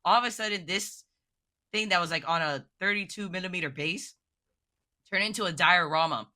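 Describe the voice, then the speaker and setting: A woman's voice: lowish voice, moderate pace. A woman guest on a podcast, chatting casually and emotionally, full of "like" fillers. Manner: excitable, emotional, heavy "like" fillers. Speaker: guest miniature painter.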